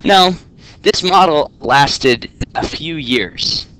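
A man teaching a class in a relaxed, joking way, often checking in with "okay?". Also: a little high, drawn-out words. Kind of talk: classroom lecture. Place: classroom with students.

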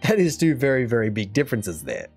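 A man's voice: mid-range voice, very animated, quick pace, over loud music. A man with an Australian accent, hosting a reaction video and giving long, opinionated casual commentary. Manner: chatty, opinionated, talks at length.

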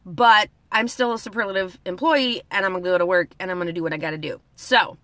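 A woman's voice: fairly low pitch, fairly even intonation, fast talker, fairly bright tone, no echo. A woman hosting a word-of-the-day lesson in a chatty way, greeting viewers by name, with a slight lisp from orthodontic bands. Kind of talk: casual live video lesson.

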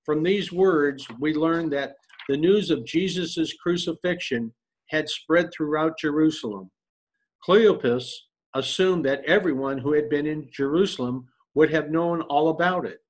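A male pastor giving a sermon in a measured, earnest preaching manner. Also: on the high side.

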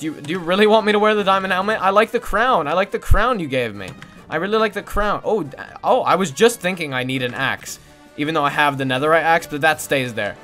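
A young man live-streaming a game, mumbling to himself and his chat, swearing often and breaking into loud excited shouts. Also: fairly high pitch. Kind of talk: casual gaming livestream chat.

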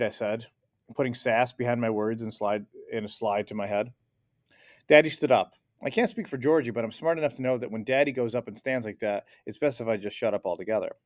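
Man reading a lively children's story. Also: fairly low pitch, brisk, dry recording. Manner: lively, expressive read-aloud. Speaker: audiobook reader. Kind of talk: storybook narration.

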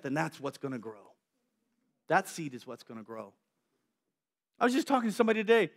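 A man preaching a sermon to young people, animated and acting out the voices in the story. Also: sits high.

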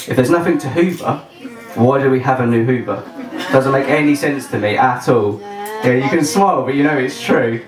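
A man's voice: medium pitch, normal speed, soft background music. A young man doing open-mic stand-up comedy in a small venue, chatty, dry and self-mocking. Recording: roomy echo, voice from far off.

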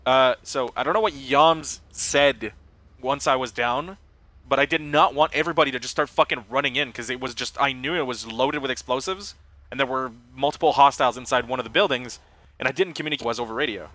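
Fast-talking bright-voiced male gamer. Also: medium pitch, dry recording. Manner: quick, swearing, excited. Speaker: gamer on a sniper team. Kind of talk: casual squad chat during gameplay.

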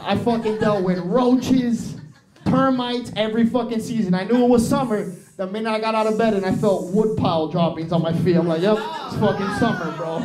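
This is a roomy live club recording, crowd included, of a young man doing brash, profane stand-up on a small improv theatre stage and dropping into Spanish. His voice sits high, his pace is moderate, and there's background noise.

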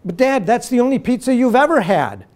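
A man voicing an exasperated adult son pleading with his father, in a raised, lively voice. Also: very high-pitched, a little fast, pitched above the performer's own voice.

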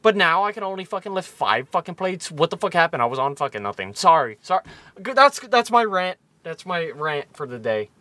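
Tipsy twenty-something guy rambling and cursing on stream, high bright voice jumping all over, dry close mic. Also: very animated, brisk, dry recording. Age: 20s. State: tipsy from shots. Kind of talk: casual live-stream chat.

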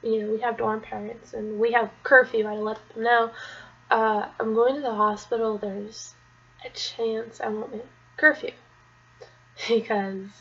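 A woman's voice: fairly high pitch, steady tone, a little slow, breathy edge, highs cut off. A young woman telling a personal story to camera in a rambling, chatty way, now and then dropping to a whisper. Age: young adult. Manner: rambling, chatty, drops to a whisper at painful parts. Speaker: vlogger.

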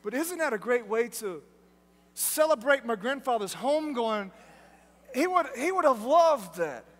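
A man preaching a sermon at a live event, telling stories in a lively, joking way. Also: very high-pitched, measured pace. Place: large event hall. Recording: long hall reverb from live event.

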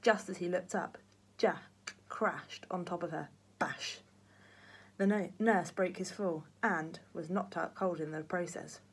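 A woman, a primary teacher, reading a children's book aloud with lively, expressive storytelling. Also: on the low side, measured pace, slight background noise.

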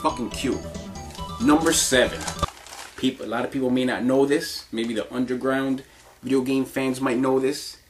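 A man's voice: medium pitch, steady tone, normal speed, faint music behind. A man giving casual countdown commentary in a crude, rambling, profanity-heavy way, often laughing.

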